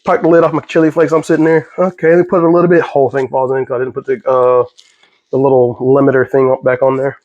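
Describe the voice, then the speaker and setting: A man's voice: mid-range voice, level tone, fast talker, darkish tone, no echo, highs cut off. Rambling, jokey man cooking at home. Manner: rambling, jokey, easily sidetracked. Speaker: vlogger. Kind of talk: casual cooking vlog. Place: home kitchen.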